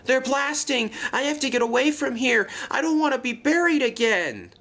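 Luke, a jumpy young tank engine with a nervous stammer and a voice that leaps high and swoops about when scared, as a man puts him on. A toy-train storybook voice, higher than usual and very lively. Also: unhurried, full character voice. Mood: panicked. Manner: stammering, panicky.

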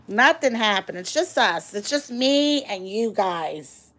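A woman's voice: on the high side, lively intonation, extremely slow, pauses often, fairly bright tone. A middle-aged woman with a New York accent hosting a casual livestream on a phone, gushing and greeting viewers by name. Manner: gushing, reads viewer comments aloud. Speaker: livestream host.

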